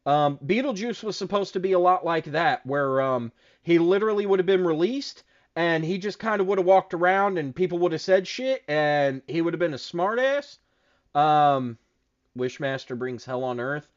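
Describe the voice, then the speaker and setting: A man co-hosting a casual chat show, telling stories in a profane, animated way. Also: fairly high pitch, normal speed, lo-fi sound. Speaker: podcast co-host.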